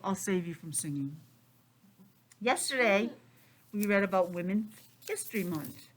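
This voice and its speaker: A middle-aged woman teacher in a classroom, reading aloud to young children with lively, chatty asides. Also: mid-range voice, a little slow, pauses often, slight background noise. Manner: chatty, expressive, drifts into personal asides. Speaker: preschool teacher.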